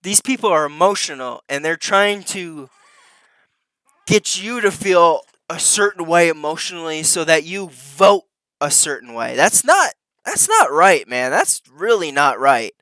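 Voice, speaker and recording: A man's voice: fairly high pitch, very animated, measured pace, bright, forceful tone, no room sound. A man reacting to news clips with profane, sneering commentary.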